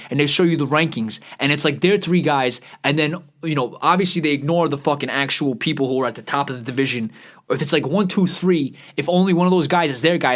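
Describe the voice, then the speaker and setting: Profane, rambling New man. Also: on the high side. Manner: profane, rambling, sarcastic, self-interrupting. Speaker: vlog host. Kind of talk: casual ranting commentary while scrolling social media.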